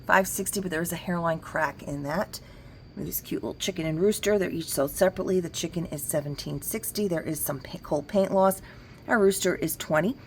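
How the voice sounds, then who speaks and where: A woman with a fairly low, brisk voice wanders casually through her large antique shop, chatting about the pieces and figuring out discounts out loud. There's a slight hiss or hum on the recording.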